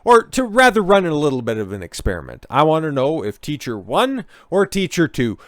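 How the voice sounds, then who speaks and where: A man reading news stories aloud and breaking in with mocking, sarcastic remarks, with loud bursts when he reacts. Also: fairly high pitch, huge pitch swings, a little fast, no echo, studio quality. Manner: mocking, sarcastic, talks over what he reads. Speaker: commentator.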